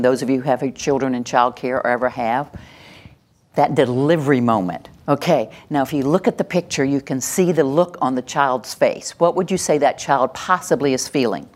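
A woman presenting a live workshop, animated and acting out little scenes as she teaches. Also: sits low. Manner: animated, acts out little scenes and laughs along. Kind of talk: live teaching talk to an audience.

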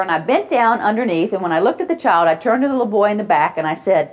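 A woman teaching about positive discipline in a lecture. She tells stories from daily life and briefly mimics children's cries and voices to make her points. Her voice sits at a middle pitch for a woman. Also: lively intonation, fast, hardly any pauses. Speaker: parenting educator. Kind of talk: lecture with anecdotes.

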